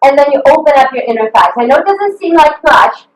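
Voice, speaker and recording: A woman's voice: high-pitched, lively intonation, brisk. A woman fitness coach leading a live online workout, upbeat and encouraging, cheering her class on with whoops over a video call. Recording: echoey video call from a distant mic.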